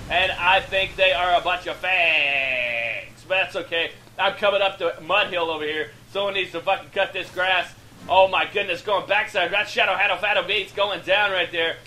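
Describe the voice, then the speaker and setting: A man giving excitable, profane, joking play-by-play commentary over an online shooter match. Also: high voice, fairly quick, slight background noise. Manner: excitable, hyped, laughing, swearing freely. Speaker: gameplay shoutcaster.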